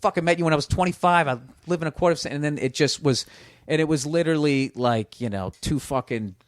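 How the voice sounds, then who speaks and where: A man's voice: on the high side, fast, no room sound. Profane, rambling storytelling man. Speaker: comedian guest. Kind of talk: casual podcast storytelling. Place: small home studio.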